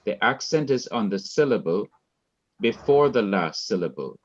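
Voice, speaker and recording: A man teaching a Hebrew class, explaining slowly and repeating key points for his students. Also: on the low side, sing-song, muffled recording, a little hiss or hum. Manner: slow, repetitive, deliberate explaining. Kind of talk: classroom lecture.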